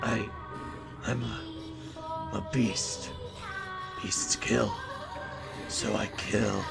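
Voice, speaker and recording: Guy playing a tormented beast dude, frantic and shouty, gravelly, slow, loud game music behind. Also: lowish voice, steady tone, heavily acted. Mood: broken. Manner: frantic, shouting, breaking into despair. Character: tormented young man, a feared beast. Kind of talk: dramatic reading of a visual novel.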